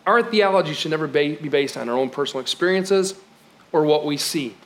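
A male pastor preaching a sermon in a conversational, emphatic way, moving from loud exclamations to quiet, low moments with light laughs. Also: a little fast.

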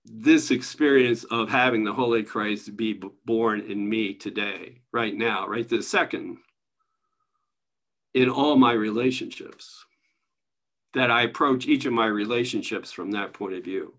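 A man leading an online spiritual study group, teaching in a relaxed, conversational way and chuckling often as he hands out readings over a video call. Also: fairly low pitch, a little slow.

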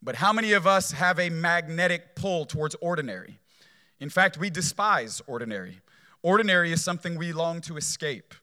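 A man's voice: a little high, lively intonation, fairly quick, pushed and bright. A man preaching a sermon in a conversational way, often tagging his points with "right?" and repeating phrases for emphasis. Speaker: pastor.

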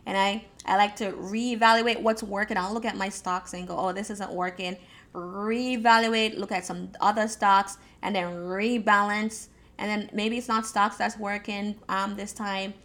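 A woman's voice: medium pitch, fairly even intonation, measured pace, hardly any pauses, fairly bright tone. Encouraging woman from Jamaica. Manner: repeats words, frequent fillers and restarts; encouraging, addresses listeners directly. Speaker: speaker giving advice on goal setting. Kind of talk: casual motivational talk.

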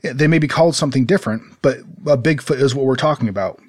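Talking rapid-fire in a mid-range voice, this man co-hosts a laid-back podcast from his home in a desert city. His talk meanders, with plenty of fillers, restarts, and easy laughter.

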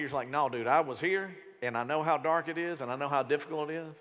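A pastor preaching a sermon in a church auditorium, talking casually and animatedly and slipping into other voices. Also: male voice, fairly high pitch, fast talker, fairly bright tone, in a large hall.

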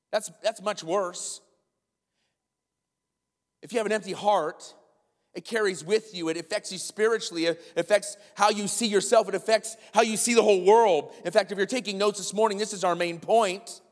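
A man's voice: high voice, moderate pace, in a large hall. A man pastor preaching a sermon in a church, emphatic and repeating his key lines. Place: large church sanctuary.

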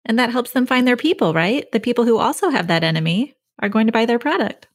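A woman's voice: a little high, expressive, quick pace, no room sound, studio quality. A woman hosting a podcast interview, encouraging her guest with frequent affirmations. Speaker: podcast host. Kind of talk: casual interview.

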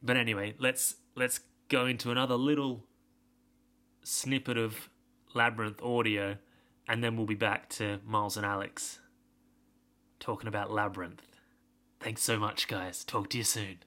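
Young male podcast host, casual rambling recap, bright tone. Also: lowish voice, little pitch movement, normal speed, long pauses. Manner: rambling, sweary, self-deprecating.

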